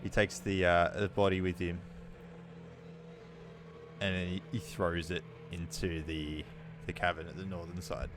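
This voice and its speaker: A man running a tabletop game as game master, narrating events in a relaxed way with fillers. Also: sits low, a little slow, long pauses, noisy background. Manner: relaxed storytelling with fillers and laughs.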